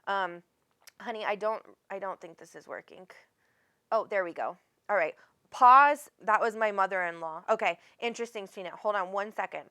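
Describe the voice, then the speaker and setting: A woman's voice: medium pitch, brisk, fairly bright tone. A woman psychic host who talks in a loose, rambling stream, breaking off mid-thought and restarting. She is affectionate with her caller, calling her honey, and drops the odd casual curse. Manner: rambling, self-interrupting, casual swearing. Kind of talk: live spirit reading.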